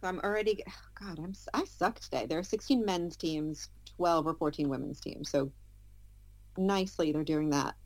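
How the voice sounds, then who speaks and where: A woman's voice: low voice, normal speed, no room sound. A woman talking as a football pundit on a casual podcast, scattered and self-deprecating with restarts. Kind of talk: casual panel chat.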